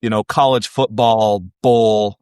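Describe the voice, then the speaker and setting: A man in casual conversation, talking in a relaxed, humorous and reflective way with many "like" fillers. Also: lowish voice, takes it slowly, smooth, dry recording, studio quality. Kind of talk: casual chat.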